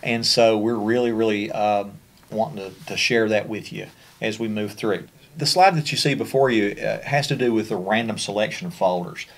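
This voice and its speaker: A man with a Kentucky accent presents a special education training over slides, keeping it conversational with frequent fillers and restarts. His voice is lowish and his speed normal.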